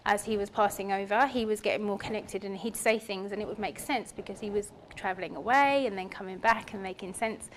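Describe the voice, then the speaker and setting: A woman, telling a personal story on stage in a chatty, animated way. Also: mid-range voice, a little fast, hardly any pauses, a little hiss or hum. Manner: chatty and animated, with filler words. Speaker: spiritual speaker at an expo. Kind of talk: casual personal storytelling talk. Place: expo hall stage.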